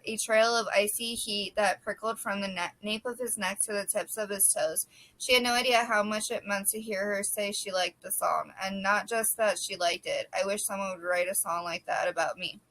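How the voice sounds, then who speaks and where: A woman narrating an audiobook in a steady, plain voice. Her pitch sits in the middle range, and she stumbles now and then on a word. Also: normal speed, poor audio. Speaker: audiobook reader.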